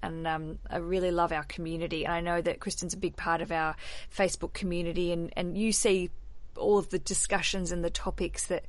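A woman's voice: fairly low pitch, little pitch movement, fairly quick, no echo. A woman hosting a podcast, chatting candidly and swearing casually. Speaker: podcast host.

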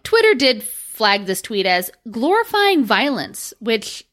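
A woman co-hosting a podcast in casual chat, sarcastic and animated, often breaking into laughter. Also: fairly high pitch, slow. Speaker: podcast co-host.

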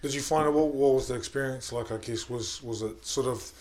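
Man, interviewer, casual, hesitant, gently prompting questions. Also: mid-range voice, brisk.

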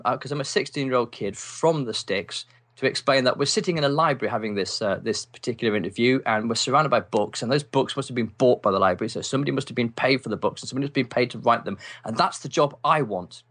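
An English man, a writer and podcast guest, telling wry stories from his youth in a relaxed interview, with lots of ums. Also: mid-range voice, quick pace, breathy edge. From England. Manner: animated, wry storyteller with many ums and laughs. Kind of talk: casual storytelling interview.

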